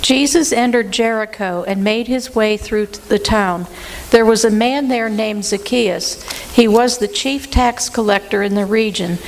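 A woman reading Bible passages aloud in a steady, even delivery during a Bible study. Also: medium pitch, poor audio. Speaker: scripture reader.

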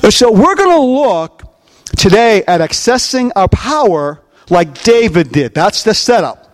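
A man's voice: high voice, very animated, unhurried. A pastor preaching a sermon, asking his listeners questions and repeating key phrases. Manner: asks the crowd rhetorical questions, heavy repetition. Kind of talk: sermon, discipleship teaching.

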